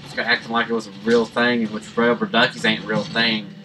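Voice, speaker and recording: A man giving rambling, jokey let's-play commentary that breaks into sudden excited yelps. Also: fairly low pitch, fairly quick, noisy background. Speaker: gaming channel host. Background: game music.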